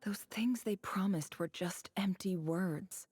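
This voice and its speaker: An actress playing a cool, self-assured young desert woman with a gravelly, hushed, mocking delivery. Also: mid-range voice, slow pace. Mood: cold scorn.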